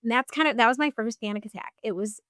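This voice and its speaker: A woman's voice: fairly high pitch, fast, fairly bright tone, no echo, clean studio sound. A woman in her thirties, a podcast guest telling her personal story in a casual, chatty way full of fillers.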